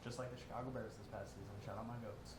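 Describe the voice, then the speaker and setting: A man's voice: fairly low pitch, steady tone, rapid-fire. A young man co-hosting a casual esports recap, joking as he rattles off player names. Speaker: co-host. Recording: echoey room, faint noise.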